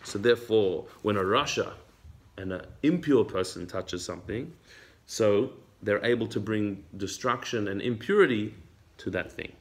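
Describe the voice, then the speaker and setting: A low-voiced man teaching a religious text class. He reads Hebrew passages and then explains each one in plain English. His delivery is unhurried, with frequent repeated words. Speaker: Torah teacher.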